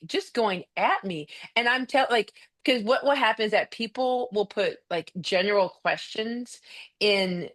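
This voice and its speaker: A woman, a mediator and former coach, talking in a direct, animated way as a podcast guest. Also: medium pitch. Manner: direct, animated storytelling with acted quotes. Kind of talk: casual conversation.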